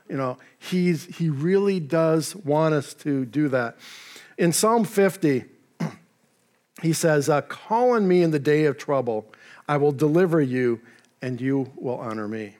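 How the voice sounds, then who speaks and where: Conversational male pastor, fairly high voice. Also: a little slow, darkish tone. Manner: conversational, with asides and paraphrased dialogue. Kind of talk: sermon.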